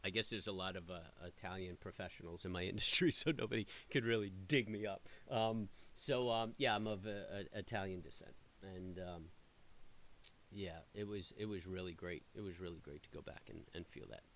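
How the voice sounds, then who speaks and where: Chatting loosely with live viewers, a middle-aged man running a trading stream keeps a brisk pace in a low, fairly bright voice. There's slight background noise, and his talk wanders with fillers and restarts.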